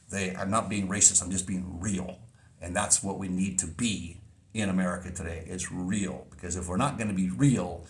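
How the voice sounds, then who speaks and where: A man vlogging in a casual monologue, telling a story in an earnest, emphatic way. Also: deep voice.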